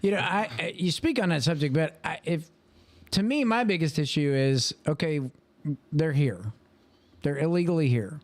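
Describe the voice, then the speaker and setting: A man's voice: on the high side, animated, moderate pace, dry recording. A man in a casual political discussion, opinionated and often cutting in. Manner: opinionated, interjecting.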